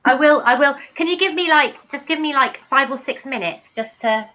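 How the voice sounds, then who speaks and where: A woman's voice: sits high, a little fast, bright, forceful tone, lo-fi sound. A woman co-hosting a casual livestream, hesitant and prone to repeating herself. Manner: hesitant, repeats her words. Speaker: livestream co-host.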